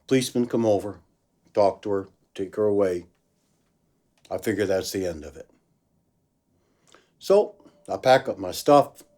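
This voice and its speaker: A man's voice: lowish voice, measured pace, pauses often. A man telling a story casually, acting out the voices of the people in it. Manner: animated storyteller, acts out quoted voices. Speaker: blues musician telling a story.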